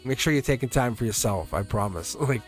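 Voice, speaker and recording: Guy doing a tarot live stream, rambly and jokey, mid pitch, faint music in the back. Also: expressive, brisk. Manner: rambling, chuckles often, joking with viewers. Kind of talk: casual live stream chat.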